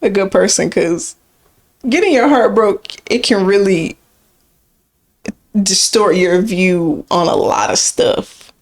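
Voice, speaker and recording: A young woman co-hosting a podcast, chatting candidly and sometimes rushing her words. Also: medium pitch. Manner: candid, chatty, laughs easily, sometimes rushes. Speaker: podcast co-host. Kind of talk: casual podcast chat.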